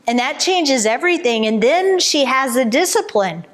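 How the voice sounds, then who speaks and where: A woman's voice: sits high, animated, normal speed. A middle-aged woman teaching earnestly as a Christian counselor, retelling a client's session and speaking the client's answers in first person.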